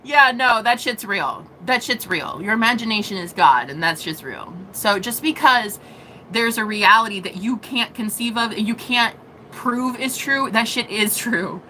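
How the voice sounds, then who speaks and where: A woman's voice: on the high side, animated, a little slow, sharp tone, a little hiss or hum. A woman, a psychic reader, telling a story in a casual vlog. She giggles a lot, talks animatedly and swears freely.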